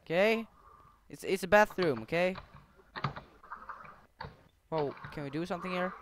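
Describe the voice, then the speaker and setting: A young man playing a horror game with a friend, jumpy and quick to shriek and laugh. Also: sits high, noisy background. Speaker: game player. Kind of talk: casual gaming chat.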